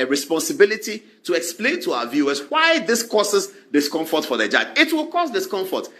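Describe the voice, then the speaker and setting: A man delivers talk-show commentary, his voice bright and high-pitched. He swings widely in pitch and acts out quoted exchanges in shifting voices.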